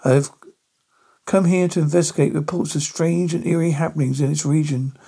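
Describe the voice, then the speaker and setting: Man doing a wary time-traveller doctor, husky, low-key, storybook reading. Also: steady tone, brisk, warm tone.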